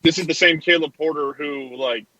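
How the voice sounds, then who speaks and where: A man's voice: fairly high pitch, moderate pace, sharp tone, no echo, dull audio. A man co-hosting a casual soccer podcast, wry and sarcastic. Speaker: podcast co-host. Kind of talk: casual sports talk.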